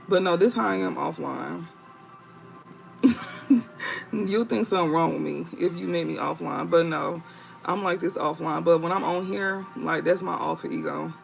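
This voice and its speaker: A young man chatting on a live tarot stream in a calm, unhurried way, his voice heavily gravelly and a bit high. Faint music plays behind him. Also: poor audio. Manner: calm, low-key talk with slang and frequent laughs. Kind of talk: casual live-stream chat.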